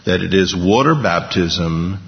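Gravelly low-voiced male preacher. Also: lively intonation, a little slow, big-room sound, dull audio. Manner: earnest preaching, swinging between hushed and emphatic. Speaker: pastor. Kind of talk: sermon.

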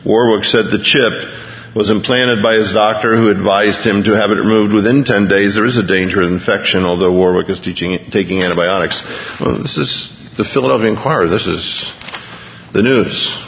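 A man's voice: lowish voice, moderate pace, a little hiss or hum. A man preaching a conversational sermon, earnestly reading news items aloud to his congregation. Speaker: pastor. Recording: lo-fi recording with long hall reverb.

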